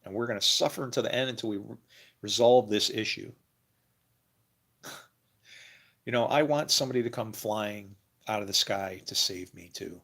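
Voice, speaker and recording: A man's voice: fairly low pitch, moderate pace, creaky, pauses often, a bit bright, husky. A man talking casually to his viewers about faith, rambling and laughing often as he thinks aloud. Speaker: religious video creator. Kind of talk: casual monologue to camera.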